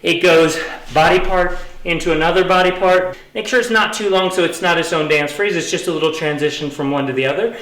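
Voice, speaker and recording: A man's voice: fairly high pitch, a little fast, a bit bright. A man teaching an online dance lesson, counting out beats while he moves and encouraging viewers as he goes. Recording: roomy echo, distant camera mic.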